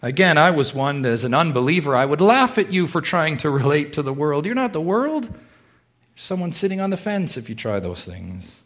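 A man pastor preaching a sermon in a church, swinging from hushed, low moments to loud, urgent pleading. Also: sing-song, fairly quick.

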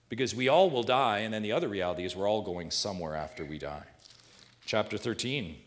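A man preaching a sermon as pastor, swinging between quiet, low passages and loud, soaring ones. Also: animated, a little fast.

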